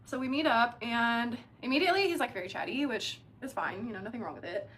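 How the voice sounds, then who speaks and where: A young adult woman telling a dating story in a casual, animated way, with lots of "like" fillers. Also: fairly high pitch, quick pace. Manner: chatty, animated, heavy use of filler "like".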